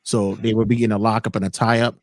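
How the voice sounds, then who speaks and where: A man hosting a casual podcast chat, telling anecdotes in an animated way. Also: fairly low pitch, fairly quick, dry recording. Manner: animated storyteller, laughs while telling. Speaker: podcast host.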